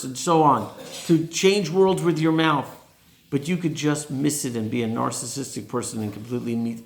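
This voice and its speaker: A man, a rabbi, giving a sermon and posing rhetorical questions to his listeners. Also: mid-range voice. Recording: roomy echo.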